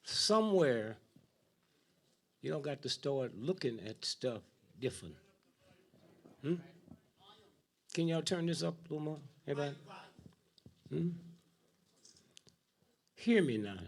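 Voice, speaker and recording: An older man giving a speech to a live audience in a preaching style, dropping to a low mutter and rising to loud outbursts, with a steady "huh?" and "hmm?" after his lines. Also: slow, vocal fry, long pauses. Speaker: speaker addressing an audience.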